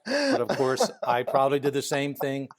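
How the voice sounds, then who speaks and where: A man's voice: mid-range voice, big pitch swings, moderate pace, no room sound. A man in his sixties from Philadelphia, with a Philadelphia accent, telling stories in a casual interview, chuckling and acting out other people's lines. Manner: chatty, acts out voices in anecdotes, chuckles while talking. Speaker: guest, retired FBI agent.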